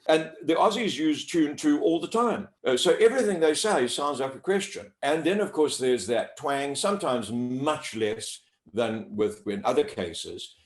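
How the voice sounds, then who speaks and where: Man, voice coach, roomy sound. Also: medium pitch. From South Africa. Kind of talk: articulate interview answers. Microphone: speaking to camera. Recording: roomy echo.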